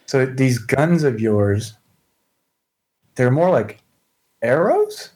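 A man's voice: mid-range voice, very animated, very slow, darkish tone, pitched above the performer's own voice, low-quality recording. A man voicing a polite, cautious young woman adventurer who speaks thoughtfully. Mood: careful.

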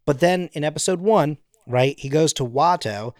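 A man's voice: fairly high pitch, moderate pace, a little mellow, dry recording, clean studio sound. A man co-hosting a podcast in casual chat, rambling with lots of fillers and slipping into playful impressions. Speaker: podcast co-host.

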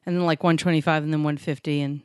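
A woman co-hosting a podcast about couples in business, talking in an animated, emphatic way and sometimes acting out other voices. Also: low voice, fast, smooth, no room sound, clean studio sound. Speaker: podcast co-host. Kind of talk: casual chat. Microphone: podcast microphone.

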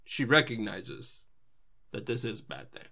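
Playful man with a lively pitch. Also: unhurried, gravelly. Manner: playful, chimes in with quoted lines and laughs. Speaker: podcast co-host. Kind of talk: casual recap chat.

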